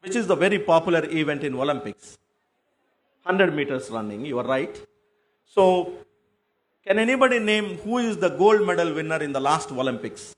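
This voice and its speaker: A man's voice: fairly high pitch, animated, moderate pace. A man giving a motivational talk to students, asking the audience questions and answering them himself. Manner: tells an anecdote with quoted dialogue. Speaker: motivational speaker addressing students.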